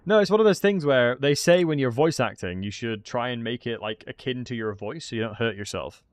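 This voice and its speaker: A man's voice: mid-range voice, animated, a little fast, dry recording. A man giving casual commentary while playing a strategy game, chatting and thinking aloud. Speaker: gaming streamer.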